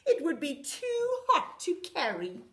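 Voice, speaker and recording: A woman's voice: high-pitched, wildly swooping pitch, slow, a bit bright, pitched above the performer's own voice, heavily acted. A woman voicing a kindly male satellite in a children's storybook, speaking patiently.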